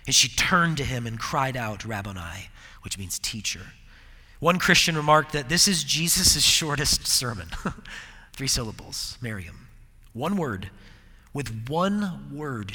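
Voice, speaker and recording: A man giving a devotional sermon, reflective and earnest, often sinking to hushed tones to make a point. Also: mid-range voice, lively intonation, measured pace, breathy edge, big-room sound. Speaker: preacher.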